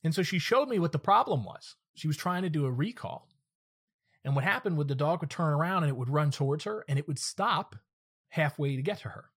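A man's voice: fairly high pitch, lively intonation, fairly quick, fairly bright tone, husky. A man hosting his own podcast as a dog trainer, teaching and telling stories in a direct, earnest monologue. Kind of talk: solo podcast monologue with storytelling.

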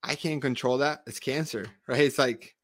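In this conversational interview, a male podcast host from a Spanish-speaking country talks earnestly at a moderate pace. His pitch is medium with a slightly bright quality, and he tends to repeat words when launching into an idea.

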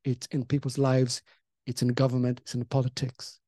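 A pastor recounts a testimony in conversation, voice leaping up as the story grows heated. Mid-pitched and lively, recorded close and dry. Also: moderate pace, no echo. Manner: animated storytelling, acting out quotes. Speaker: pastor and co-host.

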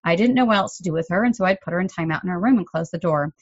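Middle-aged woman doing a solo parenting podcast, earnest and explaining, lowish voice, dry dull mic. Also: rapid-fire, no echo. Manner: earnest, explanatory, gently emphatic.

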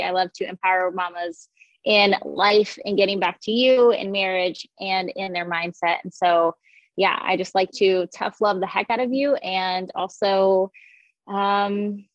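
A woman's voice: medium pitch, fairly bright tone, dry recording, dull audio. Peppy woman in a dry room. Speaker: podcast guest. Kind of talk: casual group chat.

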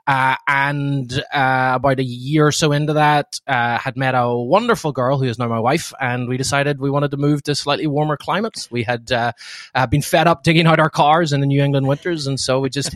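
A man's voice: mid-range voice, steady tone, a little fast, a bit bright, no room sound, studio quality. A man in his thirties with a slightly Americanized Northern Irish accent, chatting as a podcast guest and laughing easily. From Northern Ireland. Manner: chatty, laughing, self-deprecating. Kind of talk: podcast interview.

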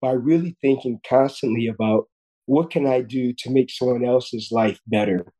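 An earnest man in his fifties, speaking as a podcast guest. His voice sits at a middle pitch with a dark, mellow tone. He tells a personal story and often restarts and repeats words. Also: normal speed, rough recording. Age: 50s. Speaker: guest surgeon.

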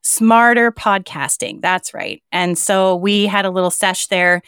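A woman's voice: medium pitch, a little slow, a bit bright, smooth, no echo, clean studio sound. A woman hosting a podcast interview, playful and teasing in casual chat. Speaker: podcast host.

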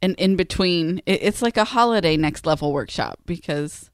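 A woman's voice: on the low side, expressive, moderate pace, dry recording, studio quality. A woman in her forties co-hosting a podcast, telling a family story in a chatty way that is full of laughter. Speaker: podcast co-host. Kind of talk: casual chat.

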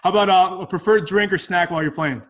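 A man hosting a casual golf interview, upbeat and quick to laugh. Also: high voice, a bit bright. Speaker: podcast host.

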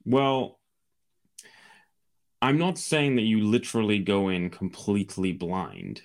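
Deep-voiced Scottish man. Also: lively intonation, slow. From Scotland. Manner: fluent, confident explaining. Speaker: podcast guest, entrepreneur. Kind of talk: casual interview.

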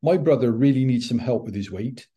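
A middle-aged man, a podcast guest, telling a personal story in an animated way and acting out the dialogue. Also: mid-range voice, a little fast. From United Kingdom. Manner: animated, acts out quoted dialogue. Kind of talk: anecdotal storytelling.

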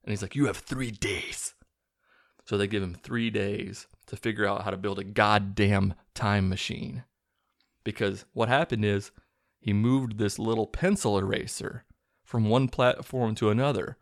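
A man with a low, gravelly voice talks through a film's plot in a loose, sarcastic way and slips into quick impressions of the characters. The sound is dry and close, with no room around it. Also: steady tone, no echo. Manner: sarcastic, acts out characters' lines in quick bits. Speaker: movie reviewer recapping a film. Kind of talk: casual film recap.

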